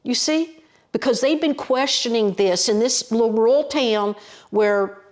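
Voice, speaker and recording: An Appalachian woman tells a story out loud with folksy, lively energy. Her voice sits somewhat high for a woman. She drops into colloquial mountain phrasing as she goes. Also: a little slow. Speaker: storyteller, podcast guest. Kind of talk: animated oral storytelling.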